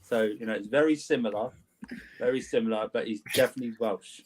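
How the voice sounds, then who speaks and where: A man's voice: lowish voice, fast talker, slightly rough, rough recording. A man on a casual stream chat, joking in a dry, hesitant way. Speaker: stream co-host. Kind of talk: casual banter.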